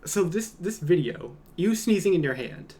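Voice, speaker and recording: A man's voice: high voice, animated, normal speed, background noise. A young man, a streamer, chatting casually and reading comments aloud with a joking, rambling manner that trails off into mumbles.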